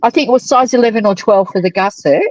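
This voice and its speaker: A woman's voice: medium pitch, fast, darkish tone, no room sound, muffled recording. A woman hosting a casual knitting livestream, cheeky and teasing with crude jokes. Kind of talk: casual chat.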